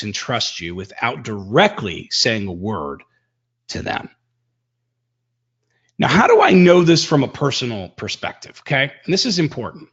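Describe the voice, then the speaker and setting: A man teaching online marketing in a live webinar, energetic and emphatic, swinging his pitch and pace for effect. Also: husky, highs cut off.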